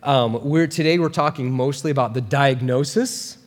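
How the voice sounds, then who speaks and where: A man preaching a sermon as a pastor, talking in a casual, animated way with quick asides. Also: medium pitch, big-room sound.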